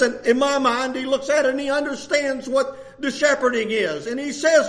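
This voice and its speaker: An older man in his sixties preaches with a lilt. His voice sits very high for a man, and he pushes his points with fervent repetition, building to shouted emphasis. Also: moderate pace, hardly any pauses. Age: 60s. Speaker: pastor. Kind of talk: sermon.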